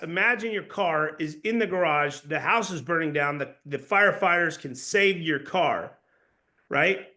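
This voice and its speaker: A lively, slightly higher-voiced man running a sales training. He talks casually and with energy, tossing in slang and praise as he coaches. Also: normal speed. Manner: casual, energetic, swears and says "dude".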